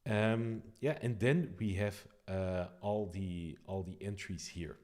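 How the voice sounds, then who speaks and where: A man explaining his code on a live stream, thinking aloud with frequent pauses and restarts. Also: fairly low pitch, a little mellow. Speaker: developer streaming a code walkthrough.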